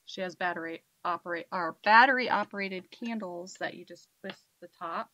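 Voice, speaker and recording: A woman guest on a radio show, animated and laughing often, with hiccups, telling paranormal stories in casual chat. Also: fairly low pitch, normal speed, no room sound, dull audio.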